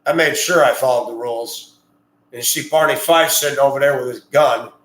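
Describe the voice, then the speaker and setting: A man's voice: medium pitch, fairly quick. A man who drives a school bus, talking in a blunt, rambling, opinionated monologue. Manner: blunt, rambling, gets heated and loud. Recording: echoey room.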